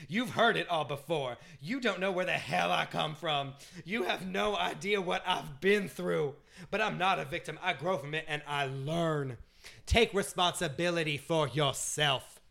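A man's voice: mid-range voice, expressive, normal speed, natural voice. A man playing a female TV host who scolds a contestant in an impassioned monologue. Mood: furious.

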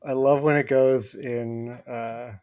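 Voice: medium pitch, fairly even intonation, slow, dark tone, no room sound, muffled recording. Wry podcast co-host, dry sound. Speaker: podcast co-host and story writer. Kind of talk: casual chat.

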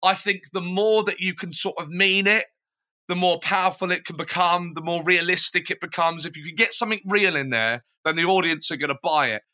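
A man's voice: high-pitched, brisk. A man, a podcast guest, explaining with eager coaching energy in casual chat. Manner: upbeat, coaching, slips into shouted wrestling promo.

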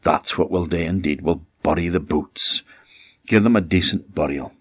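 A man's voice: low voice, normal speed, breathy edge, no room sound. Old Scottish farmer, anxious, emphatic, a man voicing him, dull recording. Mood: resolved. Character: worried old farmer, anxious then agreeable.

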